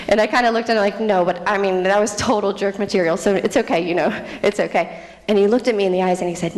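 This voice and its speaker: A woman's voice: mid-range voice, fairly even intonation, fast, darkish tone. A young woman, a missionary, giving a candid personal testimony with self-mocking humor and frequent laughter. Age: young adult. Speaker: missionary speaker. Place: church hall. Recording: long church hall reverb.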